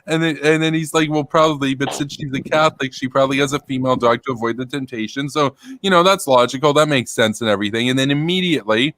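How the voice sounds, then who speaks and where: A man's voice: medium pitch, fast, few pauses, fairly bright tone, dry recording. A man hosting a casual stream, retelling a story in a rambling way and laughing often. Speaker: political commentary streamer.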